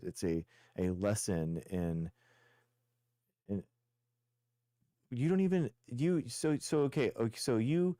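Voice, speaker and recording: A man's voice: on the low side, warm tone, no room sound. Mocking young male stream host. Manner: combative, mocking, repetitive taunts. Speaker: show host debating callers. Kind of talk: heated live-stream debate.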